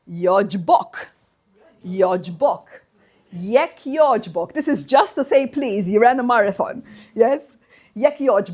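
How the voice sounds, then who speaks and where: A woman's voice: medium pitch, a little mellow, husky. Lady lecturing, bouncy up and down voice, jokey teacher vibe. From Malta. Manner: playful, drilling the audience in phrases. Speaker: guest speaker. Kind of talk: university seminar talk.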